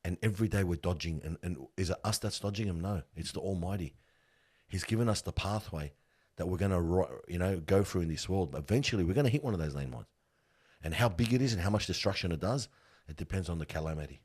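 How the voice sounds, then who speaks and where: This middle-aged man speaks low and deep, with a husky grain to his voice. He tells stories earnestly and with emphasis, in loose everyday slang. His tone is that of a guest sharing hard-won lessons from funeral work. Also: animated, fast talker, darkish tone. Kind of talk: heartfelt conversational storytelling.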